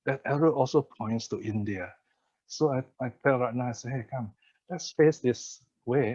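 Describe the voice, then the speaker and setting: A man's voice: medium pitch, a little mellow. An older man from Malaysia giving a Buddhist teaching over a video call, telling stories with frequent laughs and check-ins like "okay" and "you see.". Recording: dull video call audio.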